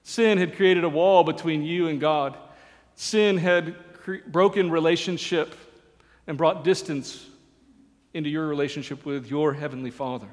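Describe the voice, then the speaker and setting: A man's voice: on the high side, fairly even intonation, unhurried. A man preaching a sermon as pastor, earnest and building to fervent emphasis, recorded in a reverberant church. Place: church sanctuary.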